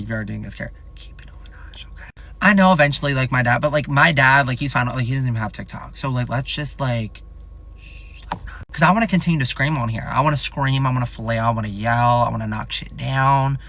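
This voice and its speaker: A young man in his twenties spins a rambling storytime vlog, animated and full of profanity. His voice sits a touch high and comes across bright and forceful. The recording is close and dry, with no room sound. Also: no echo. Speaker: content creator.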